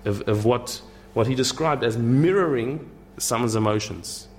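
A man's voice: medium pitch, measured pace, slight background noise. A man giving a conversational lecture, thinking aloud with repeated words and restarts and tossing in wry asides.

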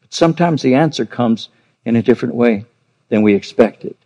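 An older male pastor delivering a sermon in an earnest storytelling voice. He repeats words for emphasis and slows down on the phrases he wants to land, at an ordinary middle pitch. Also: expressive, mellow. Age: 50s or older.

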